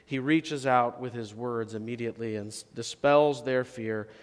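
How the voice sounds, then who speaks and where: Man preaching in a reverberant church. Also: moderate pace. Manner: conversational preaching, rising to emphatic questions and dropping to soft, low phrases. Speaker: pastor. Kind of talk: sermon. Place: church sanctuary. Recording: long reverb of a church sanctuary.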